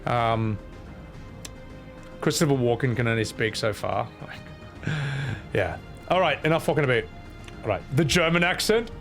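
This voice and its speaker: A man's voice: mid-range voice, lively intonation, normal speed, pauses often, faint music behind. Joking man streaming. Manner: joking, rambling, self-mocking. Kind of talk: casual gameplay commentary.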